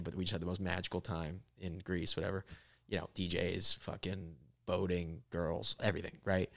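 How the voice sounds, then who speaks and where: A young man, a comedian, casually telling a long travel story with lots of profanity and animated delivery. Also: low voice, normal speed, gravelly. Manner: animated, profane, laughs through punchlines. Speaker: comedian guest.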